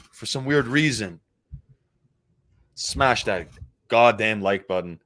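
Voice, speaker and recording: A man's voice: mid-range voice, unhurried, pauses often, a bit bright, no echo. A man hosting a livestream, chatting loosely and hyping his viewers with profane banter. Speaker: livestream host. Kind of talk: casual livestream chat.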